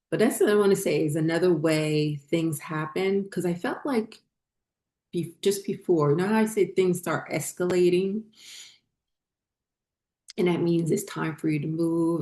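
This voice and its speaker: A woman with a low, mellow voice tells a personal story in a loose, casual way. She rambles, circles back and fills pauses with fillers as she goes. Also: reverberant. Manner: rambling, many fillers and restarts. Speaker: spiritual channel host.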